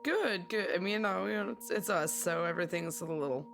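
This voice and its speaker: Friendly woman player, lowish voice. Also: fairly quick, vocal fry, fairly bright tone, soft background music. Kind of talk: in-character table talk.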